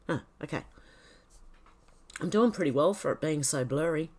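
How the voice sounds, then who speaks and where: A woman hosting a livestream, reading posts aloud in casual commentary. She stumbles and corrects herself, mutters asides, and coughs and clears her throat now and then. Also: deep voice, lively intonation, normal speed, long pauses, darkish tone. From Australia. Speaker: livestream host.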